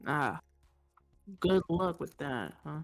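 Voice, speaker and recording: A woman's voice: low voice, lively intonation, slow, creaky, no room sound, faint music behind, heavily acted. A woman voicing a tired, bitter servant woman who speaks bluntly and hesitantly in a tabletop game.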